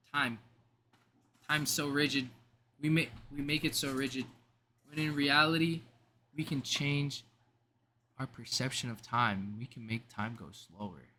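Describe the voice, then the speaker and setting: A man's voice: medium pitch, a little slow, long pauses, sharp tone, slight background noise. A young man talking casually to camera in a rambling vlog, slangy and often cutting himself off mid-thought. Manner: rambling, self-interrupting, slangy. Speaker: vlogger.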